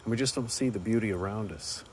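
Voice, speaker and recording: Talking fast in a casual, unscripted monologue, a man shares reflections on life in a fairly low voice. He's earnest and rambling, repeating words while he gathers his thoughts, with faint background noise underneath.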